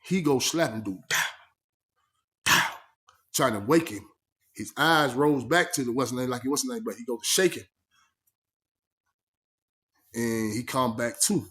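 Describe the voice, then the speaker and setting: A man's voice: mid-range voice, normal speed, fairly bright tone. A man telling a story in casual first person, emphatic and streetwise, often asking "you know what I mean". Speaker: vlogger.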